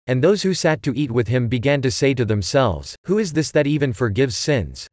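A man giving a steady, measured scripted reading of scripture. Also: mid-range voice, no echo, studio quality. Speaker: scripture reader.

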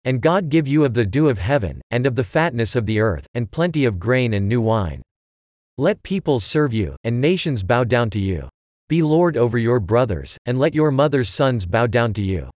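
A man's voice: mid-range voice, very animated, a little mellow, no room sound, clean studio sound, lightly acted. A man reading as Isaac, an aged blind father. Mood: solemn. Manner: measured, solemn scripture reading. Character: aged blind father giving a solemn blessing.

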